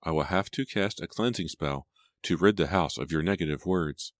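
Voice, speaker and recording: A proud, entranced mystic woman who speaks of spirits with dreamy insistence, as a male audiobook narrator puts her on. The voice sits higher than his own and is recorded dry and close. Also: normal speed, no room sound, natural voice. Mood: otherworldly.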